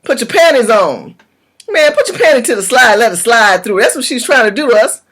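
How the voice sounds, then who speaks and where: Woman vlogger, blunt political rant, lively pitch, cusses freely. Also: a little fast. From California, USA. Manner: impassioned, blunt, swears freely. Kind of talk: direct-to-camera political rant.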